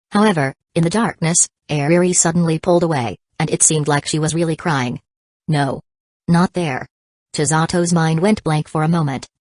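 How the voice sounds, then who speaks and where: A woman narrates an audiobook in a low voice. Her reading is even and measured. The recording is dry and close, with no room sound. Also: dry recording. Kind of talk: scripted narration.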